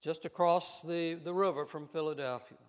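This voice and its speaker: An older man preaching a sermon as pastor, telling stories with emphatic rises and soft trailing endings, in a church sanctuary. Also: fairly high pitch, steady tone, normal speed, smooth. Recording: long reverb of a church hall.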